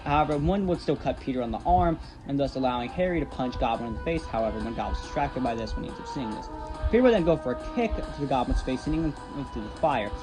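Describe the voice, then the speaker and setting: A man's voice: medium pitch, low-quality recording. A man casually retelling a made-up comic story in long, rambling run-on sentences. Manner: rambling, run-on narration with many "thus" and "however".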